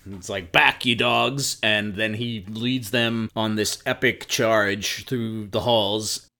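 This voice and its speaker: A man's voice: fairly low pitch, fairly even intonation, slow, sharp tone. A man co-hosting a podcast, chatting casually, rambling and swearing enthusiastically. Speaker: podcast co-host. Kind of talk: casual chat.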